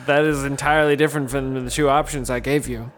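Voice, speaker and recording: A man playing in a tabletop game, excitable and given to exasperated outbursts. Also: mid-range voice, quick pace, a little hiss or hum. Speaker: player. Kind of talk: casual tabletop game chat.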